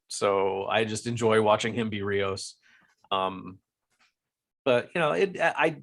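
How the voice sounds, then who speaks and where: A man's voice: lowish voice, fairly bright tone. An American man co-hosting a podcast, rambling through casual chat with lots of fillers and restarts. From United States. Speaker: podcast co-host.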